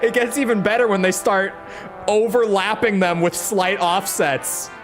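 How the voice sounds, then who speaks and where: Woman streamer, casual chat, unhurried delivery, keeps correcting herself. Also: medium pitch, fairly even intonation, soft background music. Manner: rambling, self-correcting, chatty. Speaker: game streamer.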